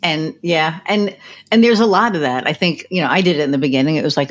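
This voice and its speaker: A woman with a fairly low voice hosts a podcast in a loose, chatty way. She tells stories with lots of "you know," stops to act out what people said, and moves quickly from one anecdote to the next. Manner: animated anecdotes, acts out quoted voices; frequent fillers like "you know". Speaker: podcast host. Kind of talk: casual conversational storytelling.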